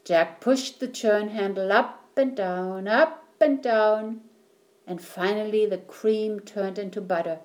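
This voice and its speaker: A woman reading a children's story aloud, slowly and clearly. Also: medium pitch, a little mellow. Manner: slow, clear, deliberate reading.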